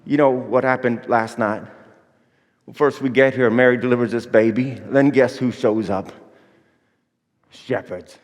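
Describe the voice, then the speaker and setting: A man's voice: medium pitch, steady tone, measured pace, long pauses, natural voice. An actor playing Joseph as a folksy, anxious young father, drawling with country grammar, in a church Christmas monologue. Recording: echoey church hall.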